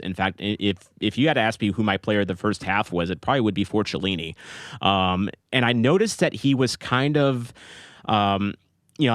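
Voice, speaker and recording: A low-voiced man breaks down a soccer match for podcast listeners, walking through each play with eager detail. His voice sounds dry and close, with little room sound. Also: no room sound. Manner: enthusiastic play-by-play recap, many fillers. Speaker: podcast co-host. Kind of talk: casual sports podcast chat.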